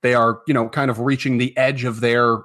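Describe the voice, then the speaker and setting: A man's voice: mid-range voice, little pitch movement, brisk, a bit bright. A man running a tabletop game as game master, narrating loosely with many fillers.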